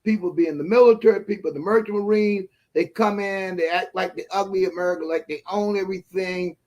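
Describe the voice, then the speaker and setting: A man's voice: sits high, steady tone, fast talker, darkish tone. A man speaking as a guest in a casual live-stream conversation, earnest and emphatic. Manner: earnest, emphatic, repeats affirmations.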